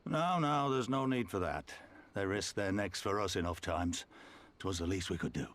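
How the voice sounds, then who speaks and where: A man's voice: low-pitched, normal speed, a bit bright. An actor playing an older male resistance leader in a game cutscene, hearty and reassuring. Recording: game audio with faint music.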